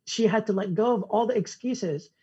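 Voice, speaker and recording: Podcast guest, male, very husky voice, animated storyteller who quotes whole exchanges, dull audio. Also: sits high, normal speed. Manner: acts out conversations in quoted dialogue. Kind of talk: casual storytelling interview.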